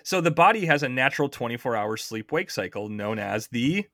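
A man's voice: mid-range voice, lively intonation, fairly quick, pushed and bright, dry recording, clean studio sound. A man hosting a podcast, explaining science in a chatty way, quizzing his co-host and often restarting his sentences.

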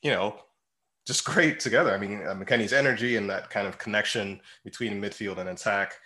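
Bright-toned man chatting about football. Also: fairly low pitch, fairly quick. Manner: rambling, laughs often, many fillers. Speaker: podcast co-host. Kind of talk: casual chat about football.

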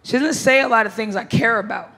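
A woman's voice: on the high side, fast talker, a bit bright. A woman performing a stand-up comedy set, brash and blunt, with crude punchlines and bursts of laughter. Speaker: stand-up comic.

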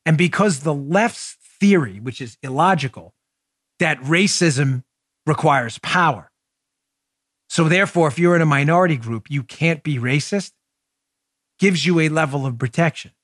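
A man hosts a political podcast in a high, bright-sitting voice. He argues emphatically and tells stories with plenty of energy. The sound is dry and close, with no room around it. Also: normal speed, dry recording. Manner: emphatic, animated storytelling with laughs. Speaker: podcast host. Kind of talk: opinionated political talk.

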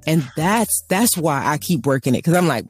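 A woman's voice: sits low, expressive, normal speed, a little mellow, husky, no echo, studio quality, soft background music. A woman co-hosting a faith talk show, ranting emphatically and acting out little dialogues. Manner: emphatic, acts out dialogues, laughing asides. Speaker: co-host. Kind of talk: animated faith talk, preaching rant.

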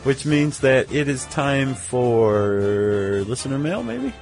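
A man's voice: medium pitch, lively intonation, slow, creaky, music in the background. A man co-hosting a podcast, chatting casually with a wry, joking manner. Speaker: podcast co-host. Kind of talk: casual chat.

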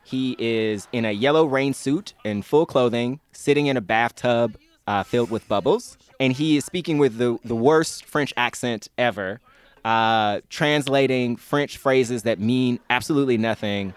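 A man's voice: mid-range voice, unhurried, smooth. A man in his thirties chatting as an interview guest, enthusiastic and rambling, laughing often. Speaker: guest, comedy fan. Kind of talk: casual interview chat.

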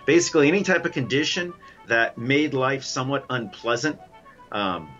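A man's voice: medium pitch, animated, moderate pace, a bit bright, lo-fi sound, soft background music. A man, an author interviewed as a guest, listing things steadily with slight hesitations.

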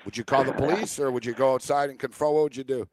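A man's voice: medium pitch, steady tone, fast talker, a little mellow, no room sound. A man hosting sports radio, telling crude jokes and stories. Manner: crude, joking storyteller. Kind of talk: casual sports radio chat.

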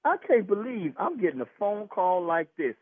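Indignant husband on a phone call, high lively voice, husky, tinny line. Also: male voice, moderate pace, no room sound. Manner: indignant, repeats himself, talks over the caller. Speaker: prank call target, husband.

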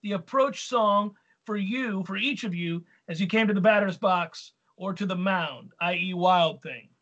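Male sports talk host, high bright voice, emphatic and animated. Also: measured pace, dull audio. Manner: animated, emphatic, reads listener questions. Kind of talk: casual sports radio chat.

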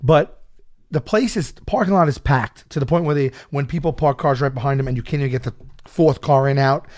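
A man telling a story in a casual chat, stammering and loudly acting out the people in it. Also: mid-range voice, brisk. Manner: animated, acts out a shouting wrestler and his own stammering. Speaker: storyteller guest.

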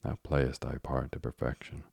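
A man's voice: extremely low pitch, little pitch movement, normal speed, vocal fry, a little mellow, breathy edge, no echo, clean studio sound, full character voice. A man voicing a doting old witch woman in an audiobook, speaking in fond, archaic phrasing. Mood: proud.

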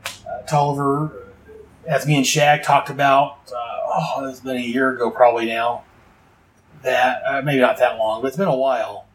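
A man hosts a laid-back comic review, walking page by page with rambling asides and fillers. His voice sits at an ordinary middle pitch. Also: level tone, moderate pace, rough recording. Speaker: comic book podcast host.

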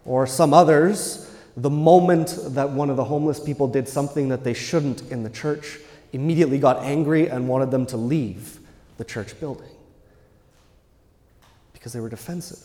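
A man, a Catholic priest, giving a Sunday homily in an earnest, measured way with emphatic pauses. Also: medium pitch, mellow. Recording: long church reverb.

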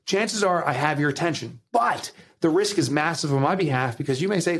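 A man's voice: fairly high pitch, fairly quick, hardly any pauses, slightly rough. A man with a New Jersey accent, a guest author talking emphatically in a podcast interview. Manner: emphatic, animated, motivational.

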